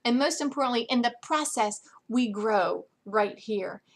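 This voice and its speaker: A woman's voice: fairly high pitch, expressive, measured pace. A woman talking to her sales team in an upbeat, chatty, encouraging way from bed, with plenty of ums. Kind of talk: casual direct-to-camera update. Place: in bed at home.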